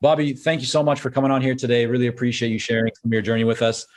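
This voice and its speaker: A man with a Canadian accent hosting a podcast interview, quick, friendly and joking. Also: mid-range voice, little pitch movement. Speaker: podcast host.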